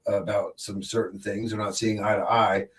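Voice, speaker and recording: A man's voice: lowish voice, little pitch movement, moderate pace, recorded from a distance, a little hiss or hum. A man guesting on a casual wrestling podcast, rambling with many fillers and restarts and joking around. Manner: jokey, slips into wrestler impressions.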